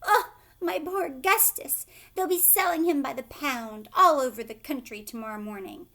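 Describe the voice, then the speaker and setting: A woman reading aloud, voicing an outraged, shrieking mother who shouts in shrill, indignant bursts. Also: big pitch swings, normal speed. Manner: shrill, loud, indignant outbursts. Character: furious shrieking mother, middle-aged woman.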